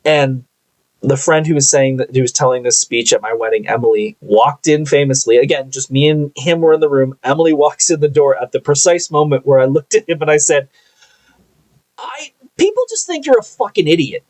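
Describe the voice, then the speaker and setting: A young man hosting a live podcast, telling a workplace story in a blunt, animated way and swearing casually. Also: medium pitch, brisk, low-quality recording. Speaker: podcast host.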